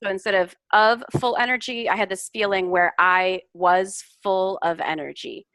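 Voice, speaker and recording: A woman's voice: on the low side, steady tone, moderate pace, fairly bright tone, dry recording. A woman giving patient, encouraging feedback as an English speaking tutor over a video call. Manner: encouraging, explains corrections patiently.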